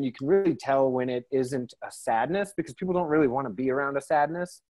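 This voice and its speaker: A man at a middle pitch speaks over a video call. He explains in a relaxed, rambling way and scatters filler words through his talk. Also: a little fast, few pauses, poor audio. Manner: easygoing, rambling, with many fillers. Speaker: co-host of an online class.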